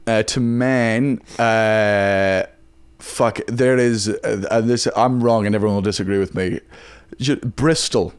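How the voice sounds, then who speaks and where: A young Scottish man, a guest comedian, chatting casually on a podcast in a rapid, profane, self-mocking way. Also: on the low side, fairly even intonation, smooth. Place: podcast studio.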